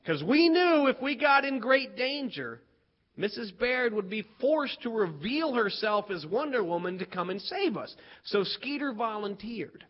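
A man from West Virginia performing a comic childhood story, animated and acting out the voices. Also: extremely high pitch, measured pace. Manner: animated, acts out voices, builds to punchlines. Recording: dull lo-fi recording.

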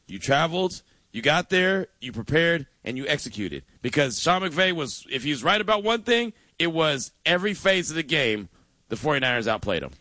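A man's voice: a little high, big pitch swings, normal speed, sharp tone, dry recording. A man hosting a sports radio show, talking in an emphatic, teasing, conversational way. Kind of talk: casual sports talk. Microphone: studio mic.

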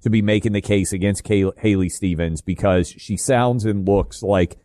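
A man hosting a call-in talk radio show, cutting in with quick, probing questions. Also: lowish voice, steady tone, warm tone, no room sound, clean studio sound.

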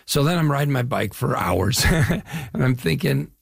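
An older man from the Chicago area talks with eager enthusiasm, piling up fillers and restarts as he tells his stories. His voice is gravelly and husky at a middle pitch. The sound is dry and close. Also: animated, normal speed, no echo. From Chicago area, US Midwest. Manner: enthusiastic storytelling with fillers and repeats. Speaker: actor guest. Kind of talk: casual interview talk.

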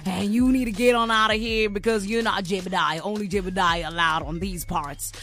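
A woman voicing a gruff male cowboy who orders a stranger off his land, in a put-on Southern twang. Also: medium pitch, fairly even intonation, brisk, fairly bright tone, faint music behind, close to an everyday voice. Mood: defiant. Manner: drawling, hostile, put-on Southern American twang.

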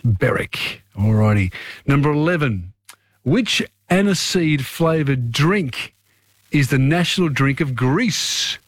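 A man's voice: medium pitch, animated, slow pace, dry recording. A man hosting a talkback radio quiz, chatting with one caller after another.

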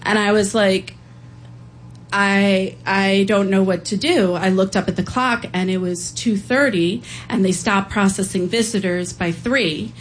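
A woman's voice: mid-range voice, fairly even intonation, measured pace, poor audio. A woman tells a heartfelt personal story to a live audience. She is earnest and emotional, and she briefly acts out the voices of the people she met. A faint hiss sits under her voice.

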